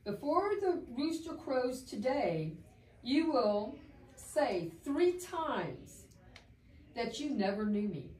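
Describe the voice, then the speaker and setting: A gentle, solemn man speaks slowly and tenderly to his troubled friends, as a woman storyteller voices him. The voice sits a little high and unhurried. It is heard from a distance in a roomy space with a faint hum behind. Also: very animated, exaggerated voice. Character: gentle, solemn male teacher comforting friends.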